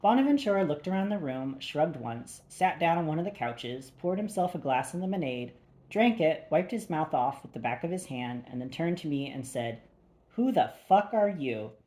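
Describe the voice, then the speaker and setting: A woman's voice: low-pitched, animated, moderate pace, dark tone. A woman narrating a first-person thriller audiobook with a wry, dry delivery.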